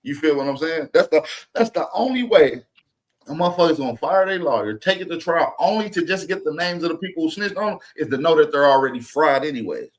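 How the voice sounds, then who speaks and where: A man's voice: fairly high pitch, expressive, quick pace. A man hosting a casual panel talk, explaining at length in street slang and often asking whether his listeners follow him.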